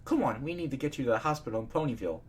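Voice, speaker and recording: A man's voice: mid-range voice, expressive, rapid-fire, slightly rough. A man reading fan fiction aloud, voicing a studious young female unicorn who explains things in a matter-of-fact way.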